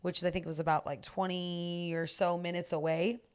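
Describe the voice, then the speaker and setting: A woman's voice: on the low side, level tone, moderate pace, clear, resonant tone. A young woman podcast co-host telling a story in a chatty, filler-heavy way. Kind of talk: casual storytelling.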